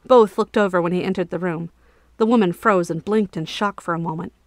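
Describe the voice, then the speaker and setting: A woman narrating a fantasy story in a steady, expressive audiobook reading. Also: fairly low pitch, fairly quick, dry recording.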